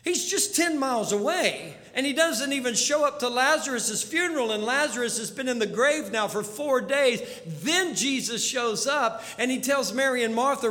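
A man preaching a sermon as a storyteller, dropping to a hush and then rising to urgent pleas. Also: extremely high pitch, expressive, moderate pace, few pauses. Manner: storytelling, swings from hushed to urgent. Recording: long hall reverb.

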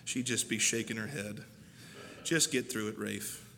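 A man's voice: fairly low pitch, measured pace, vocal fry, sharp tone. A man preaching a sermon in a church, folksy and emphatic, laughing at himself now and then. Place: church sanctuary. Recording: hall reverb, faint noise.

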